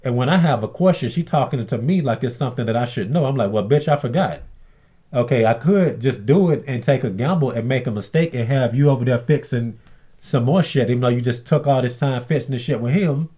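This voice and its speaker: This vlogger speaks briskly at medium pitch, with a warm tone and a breathy edge, ranting through a story in a blunt, aggrieved way. He swears frequently and mimics the voices of the people he quotes.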